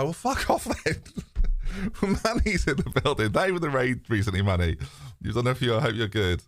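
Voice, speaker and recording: A man's voice: on the low side, no echo. A British man hosting a live stream, chatting candidly to his viewers in a rambling way, swearing freely and laughing often. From Britain. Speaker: streamer and host. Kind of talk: casual live-stream chat.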